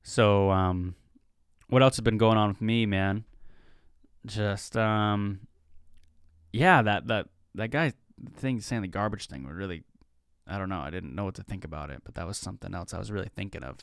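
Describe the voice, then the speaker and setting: Young guy rambling on his podcast, smooth clear voice, dry close sound, mid pitch. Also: moderate pace, no echo. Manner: rambling, chatty, acts out quoted gamer talk. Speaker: podcast host. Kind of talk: casual solo podcast monologue.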